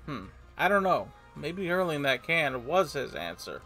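A man's voice: on the high side, sing-song, a little slow, sharp tone, soft background music. A man playing a video game and commenting casually, playfully reading the game's lines aloud in silly voices. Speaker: let's play gamer. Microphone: desk microphone at a computer.

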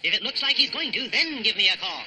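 A man's voice: high-pitched, big pitch swings, fast, background noise. An actor voicing a heroic male cartoon superhero dog who speaks in proud rhyming couplets. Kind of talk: 1960s cartoon voice acting.

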